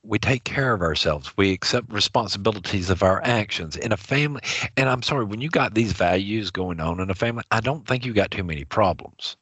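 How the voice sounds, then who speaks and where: A man's voice: lowish voice, a little fast, a bit bright, slightly rough, no echo. A man co-hosting a casual chat. He is earnest and opinionated, and he often restarts his sentences.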